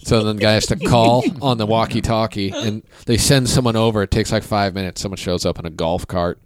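A man's voice: lowish voice, steady tone, fairly quick, a crowd in the background. A man in casual podcast chat, telling a self-deprecating story about an early gig.

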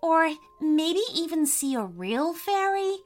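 Woman doing a high, eager young girl. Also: big pitch swings, unhurried, a bit bright, soft background music, heavily acted. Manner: eager, breathless wonder. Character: hopeful excited young girl exploring.

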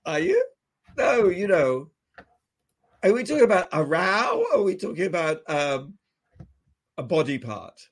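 Wry man with a lively voice. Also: high voice, a little slow, pauses often, breathy edge. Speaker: radio show co-host. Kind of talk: casual chat.

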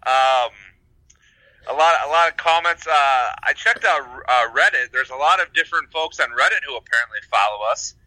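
A man co-hosting a casual chat show, talking in a halting way with lots of fillers and restarts. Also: medium pitch, bright, forceful tone, dry recording, rough recording. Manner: hesitant, many fillers and restarts. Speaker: podcast co-host.

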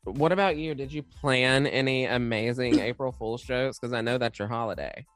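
A young woman co-hosting a podcast, chatting casually in a mellow, even tone. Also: extremely low pitch, moderate pace, dry recording, soft background music. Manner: mellow, even tone, self-described. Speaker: podcast co-host. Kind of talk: casual chat.

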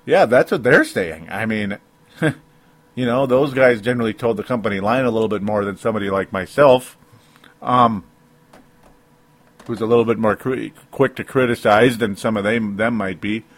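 A man's voice: on the low side, normal speed. Rambling man venting about football. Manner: rambling, self-interrupting, frequent rueful laughs. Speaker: sports commentator. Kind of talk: solo sports opinion podcast.

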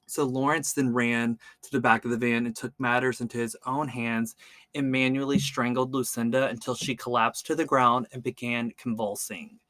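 A man's voice: medium pitch, flat delivery, moderate pace, a bit bright, dry recording. Chatty man telling a true-crime story. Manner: chatty, stumbles over words, lots of "like". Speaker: podcast host.

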